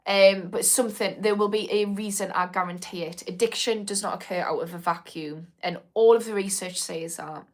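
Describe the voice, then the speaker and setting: A woman's voice: medium pitch, steady tone, moderate pace, hardly any pauses. A woman, an addiction therapist hosting a casual live-stream Q&A, speaking frankly with swearing and frequent ums. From Newcastle, north of England. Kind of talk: live-stream Q&A, reading viewer comments.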